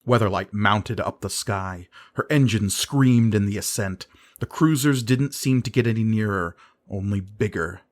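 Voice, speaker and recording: A man narrating a fantasy audiobook in a measured, dramatic reading style. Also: fairly low pitch.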